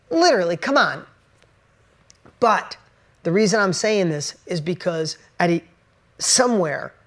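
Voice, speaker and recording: A man's voice: high-pitched, fairly bright tone. A man giving an earnest, conversational motivational talk straight to camera, pressing his points with emphasis. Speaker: motivational speaker.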